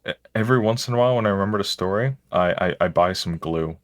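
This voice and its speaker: A man's voice: low voice, fast, no echo, clean studio sound. A man, a stream guest, telling stories in casual chat, rambling and self-mocking with frequent restarts.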